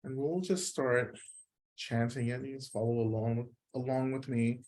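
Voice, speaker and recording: A man teaching a guided meditation, speaking calmly and leading mantra chanting syllable by syllable with long pauses. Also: medium pitch. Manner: slow, calm guidance with long pauses.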